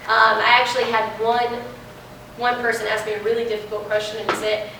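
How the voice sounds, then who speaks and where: During a classroom Q&A, a young guest speaker talks animatedly in a slightly high voice that barely moves in pitch and runs a little fast. The mic is far away, so the echoey room and faint noise come through.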